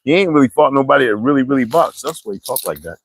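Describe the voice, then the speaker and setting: A man's voice: mid-range voice, animated, quick pace, background noise. A man livestreaming casual, rambling chat, cursing often and laughing between stories.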